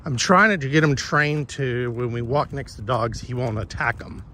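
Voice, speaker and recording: This man talks to his live audience while walking his dog outside, telling a meandering, profane story in a relaxed chat. He speaks at a moderate pace in a mid-range voice that sounds pushed and bright, and there's a little background noise.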